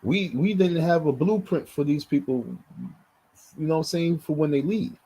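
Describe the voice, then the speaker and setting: A man's voice: a little high, moderate pace, warm tone, slightly rough, poor audio. A man giving heated, blunt live commentary, repeating himself as he reacts. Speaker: livestream commentator.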